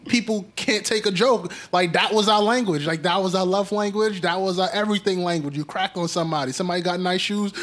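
A young man from Brooklyn, telling stories in a slangy, animated casual chat. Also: high-pitched, a little fast, hardly any pauses. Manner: animated storyteller, slangy, acts out quotes.

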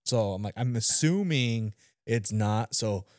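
Young man, podcast co-host; lively, swinging delivery, lowish voice, dry close sound; acts out quotes with lots of swearing. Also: unhurried, no echo. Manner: animated storyteller, swearing, acting out quotes. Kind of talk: casual chat.

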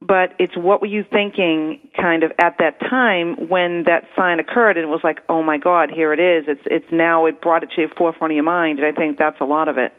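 A woman's voice: deep voice, steady tone, moderate pace, few pauses. Woman on a tinny phone line. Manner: agreeable, chatty, lots of fillers. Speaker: call-in guest. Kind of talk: casual chat over the phone. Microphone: telephone.

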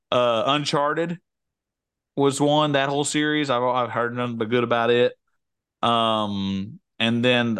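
In a dry recording, a man co-hosting a podcast talks in a loose, jokey way, wandering off topic and frequently cutting himself off to restart. His mid-range voice is a bit bright with a clean tone.

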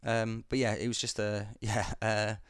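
A man's voice: on the low side, flat delivery, unhurried, clean tone, dry recording. Laid-back man with a dry voice. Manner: rambling, laid-back, lots of ums, swears. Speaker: podcast co-host. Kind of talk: casual chat.

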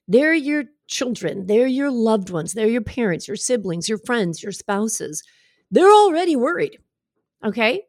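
A woman's voice: fairly high pitch, darkish tone, dry recording, studio quality. A woman speaking as a breast cancer coach in a podcast monologue, passionate and emphatic, addressing the listener directly.

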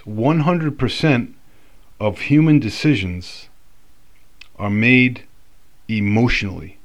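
A man's voice: fairly low pitch, fairly bright tone. A man talking casually in a rambling, reflective monologue, full of fillers and restarts.

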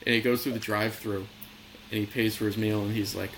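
Male podcast co-host, bright forceful tone, casual and giggly, with faint noise behind. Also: on the low side, fast talker, low-quality recording. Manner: laughing, relaxed retelling. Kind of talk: casual chat.

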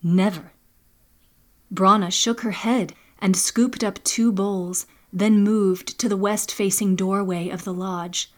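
A woman narrating and producing her own storytelling podcast, measured and soft-spoken. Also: mid-range voice, fairly even intonation.

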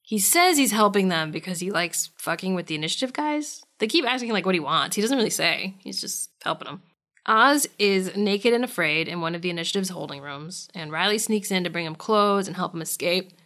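A woman co-hosting a podcast, recapping episodes in a wry, animated, casual way with some swearing. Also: lowish voice, a little fast. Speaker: podcast co-host.

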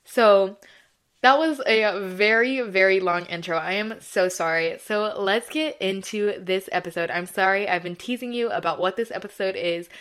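A woman's voice: mid-range voice, moderate pace, a bit bright, clean tone. Chatty young woman podcast host. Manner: chatty and effusive, heavy on fillers like "like" and "you know". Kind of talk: casual solo podcast chat.

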